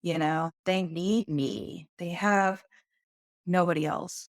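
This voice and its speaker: A woman's voice: fairly low pitch, fairly even intonation, takes it slowly, no echo, studio quality. A woman guest on a podcast, telling her personal story in a candid, earnest way.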